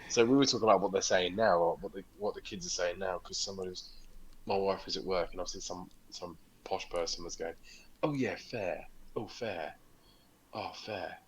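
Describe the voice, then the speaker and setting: A man with a very low voice co-hosts a podcast in a loose, chatty way. He is from the north of England, swears casually and slips into mimicked accents. A faint hiss sits under the recording. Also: fairly even intonation, fast, poor audio. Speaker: podcast co-host. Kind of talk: casual chat.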